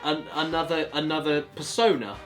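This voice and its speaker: A man hosting a relaxed film review chat, rambling and correcting himself as he talks. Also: on the high side, normal speed, faint music behind. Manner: rambling, restarts and self-corrections. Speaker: channel host, film reviewer.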